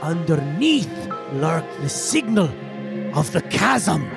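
A man's voice: fairly high pitch, sing-song, slow, vocal fry, over loud music, heavily acted. A man voicing a grandiose, eccentric male alien professor who speaks in broken grammar and makes theatrical proclamations.

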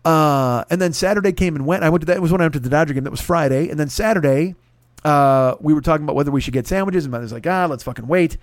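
A man's voice: fairly high pitch, fast, dry recording, clean studio sound. A man hosting a podcast, telling a long story in a casual, profane and exasperated way. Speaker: podcast host.

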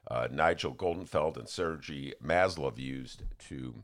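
A man's voice: a bass voice, unhurried. A man hosting a podcast in casual political chat. He rambles and restarts often, and he acts out quotes with big swings in his voice. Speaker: podcast host.

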